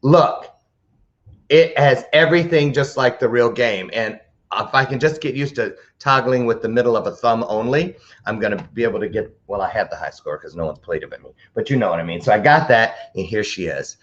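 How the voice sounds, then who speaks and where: A man hosting a live talk show, chatting to camera in a rambling, animated way. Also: medium pitch, fairly quick, highs cut off.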